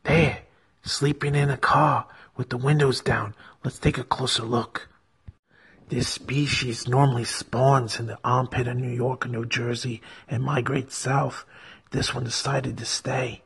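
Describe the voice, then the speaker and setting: A man voicing a hushed nature-documentary host who stalks a rare creature in mock-serious whispers. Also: medium pitch, flat delivery, measured pace, vocal fry, slightly rough, exaggerated voice. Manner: whispered wildlife-show narration, mock serious.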